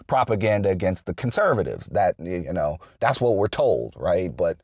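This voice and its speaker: A man's voice: low voice, sing-song, moderate pace, a little mellow, no echo, clean studio sound. A man giving an unscripted political monologue, rambling and restarting often with lots of fillers. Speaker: political commentator.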